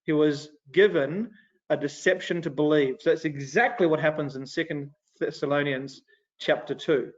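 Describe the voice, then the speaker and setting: A man teaching an adult Sunday school class in a casual, animated way, retelling scripture conversationally. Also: fairly high pitch, normal speed. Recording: dull lo-fi recording.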